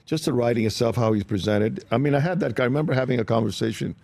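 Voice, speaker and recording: A man, an actor guest in a studio interview, telling anecdotes in a lively, casual way. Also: medium pitch, very fast, vocal fry, no room sound. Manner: animated anecdotes with acted-out quotes. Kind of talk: studio interview chat, storytelling. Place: radio show studio.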